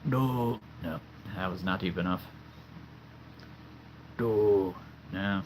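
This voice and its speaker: A man in his thirties livestreams from a room at home full of toy figures, showing off his collection while rambling casually and often laughing at himself. His voice is deep and his tone level, he speaks slowly, and there is slight background noise.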